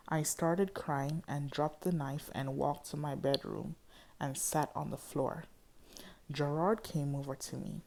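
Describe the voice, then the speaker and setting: A woman reading first-person urban fiction aloud in a dramatic, expressive way. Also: low voice, measured pace, vocal fry. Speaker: audiobook reader.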